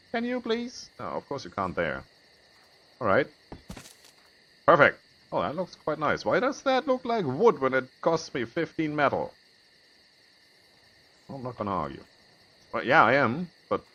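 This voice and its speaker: A man's voice: mid-range voice, a bit bright, dull audio. Guy with as rambling over his building game, laughs at himself a lot, voice jumps all over, a bit of hiss behind. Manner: rambling, self-mocking, chuckles often. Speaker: gaming video host. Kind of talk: casual let's-play commentary.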